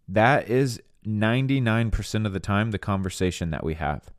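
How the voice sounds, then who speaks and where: Young guy, low voice, earnest podcast preacher chatting casually, dry sound. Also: moderate pace, hardly any pauses, no room sound. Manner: earnest, candid, conversational. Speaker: podcast host and minister. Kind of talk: casual teaching monologue.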